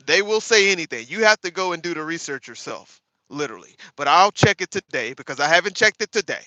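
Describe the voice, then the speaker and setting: A man hosting a casual livestream, chatting with viewers by name, sarcastic and animated, calling his audience y'all. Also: a little high, brisk, no room sound. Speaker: livestream host. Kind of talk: casual live chat reading viewer comments.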